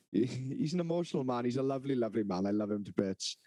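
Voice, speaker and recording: A man's voice: mid-range voice, expressive, fairly quick, warm tone, rough recording. Sweary man telling a story. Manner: sweary, laughing, banter. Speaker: podcast co-host. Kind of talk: casual chat, storytelling.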